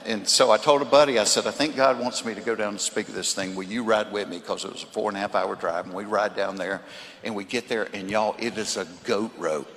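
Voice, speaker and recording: A man with a Southern US accent, a comedian and speaker telling folksy stories in a faith talk to a live audience, at times turning earnest and hushed. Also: lowish voice. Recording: reverberant hall with faint noise.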